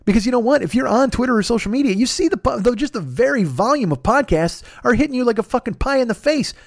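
A man's voice: extremely high pitch, expressive, quick pace, creaky, dry recording, studio quality. A man hosting his own podcast, ranting in a profane, sarcastic solo comedic monologue. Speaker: podcast host.

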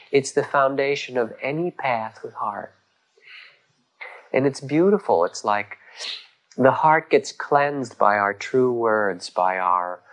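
A man giving a dharma talk as a meditation teacher, gentle and reflective, pausing often and rising in emphasis on key words. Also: medium pitch, poor audio.

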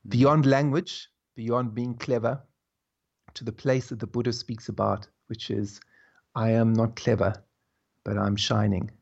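Gravelly, husky man musing slowly. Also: mid-range voice, flat delivery, highs cut off. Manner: slow, musing, laughs softly between thoughts. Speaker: guest, spiritual teacher. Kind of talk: reflective conversational storytelling.

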